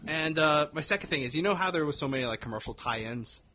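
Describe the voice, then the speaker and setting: A man with a high, bright voice rambles through a casual podcast chat. He swears freely and laughs at his own jokes. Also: expressive, quick pace, a little hiss or hum. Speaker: podcast co-host.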